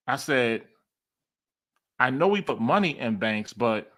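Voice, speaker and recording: A man's voice: medium pitch, unhurried, pauses often. A man, telling a story as a podcast guest and acting out the quoted dialogue with laughs. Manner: animated, acts out quoted dialogue, laughs often.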